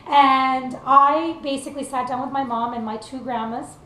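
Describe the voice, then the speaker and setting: A young Canadian country singer gives a heartfelt, easygoing motivational talk full of filler words. Her high voice holds a steady tone at a normal speed and sounds bright and pushed. The room is echoey, with faint background noise.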